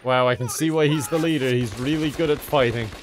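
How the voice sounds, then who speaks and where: A man's voice: medium pitch, brisk, background noise. A man doing gameplay commentary in a sarcastic, joking way, often laughing. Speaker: gaming commentator.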